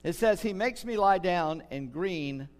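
An older pastor preaches in a hall with long reverb, his voice sitting a little high for a man. He speaks earnestly and slows down to lean on the words that matter. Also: lively intonation, clear, resonant tone. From United States. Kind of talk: sermon.

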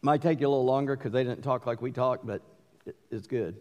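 A middle-aged man with a Southern accent preaching a sermon, mixing forceful emphatic bursts with folksy asides. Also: mid-range voice, quick pace. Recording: long hall reverb.

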